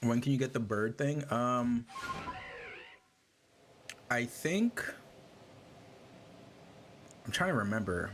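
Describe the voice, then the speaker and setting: A man casually chatting to his viewers while playing a game, with hiccups and frequent throat clearing. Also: mid-range voice, slow, long pauses, background noise. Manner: relaxed, chatty, answers chat questions. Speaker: streamer. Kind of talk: casual gaming livestream chat.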